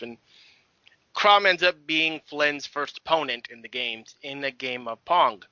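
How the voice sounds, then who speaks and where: A man's voice: a little high, animated, moderate pace, sharp tone, no echo. A man co-hosting a podcast, chatting in an easygoing way about a movie and restarting his sentences often. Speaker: podcast co-host. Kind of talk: casual movie discussion. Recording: dull lo-fi podcast audio.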